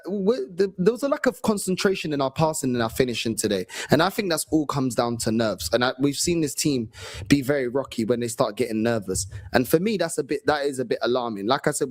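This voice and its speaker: Critical man reviewing a match. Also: medium pitch. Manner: critical, lists problems point by point. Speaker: fan channel co-host. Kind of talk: football fan match review.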